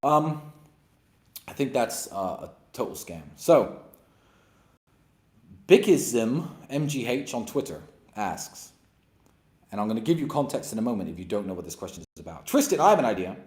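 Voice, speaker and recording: Male host, blunt and sarcastic monologue, lively swinging pitch, roomy echo. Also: moderate pace, long pauses. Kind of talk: opinionated monologue and Q&A.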